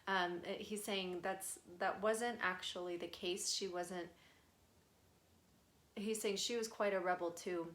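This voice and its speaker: A woman's voice: medium pitch, steady tone, unhurried, fairly bright tone. A young adult woman, a spirit medium, chatting through a live channeling session, relaying messages with lots of fillers and giggles.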